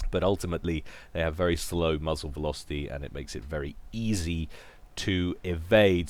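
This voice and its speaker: A man with a very low voice runs a relaxed, chatty commentary over a strategy game match. He jokes at his own expense as he goes. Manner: chatty, joking, self-deprecating. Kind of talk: casual video game commentary.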